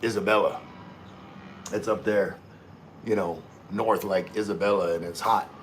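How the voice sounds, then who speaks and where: Fairly low-pitched and a little slow, this man's voice has fairly even intonation, and a bit of hiss or hum sits in the recording. As the host of a casual livestream, he reads comments from viewers and talks back easily, often restarting and repeating words.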